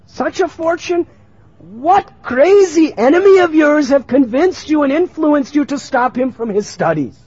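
A man voicing a crowd of indignant village parents who scold a mother in a shrill, insistent way, on a muffled lo-fi recording. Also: lively intonation, measured pace, darkish tone, no room sound.

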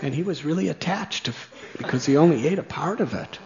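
A man telling a story slowly, chuckling at his own tale. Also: fairly high pitch, animated, darkish tone, dull audio. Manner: slow, chuckling anecdote telling. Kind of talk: storytelling talk.

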